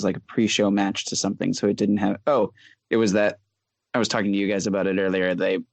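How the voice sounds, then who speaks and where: A man's voice: on the low side, no room sound. A man guesting on a podcast in casual chat, rambling as he searches for his words.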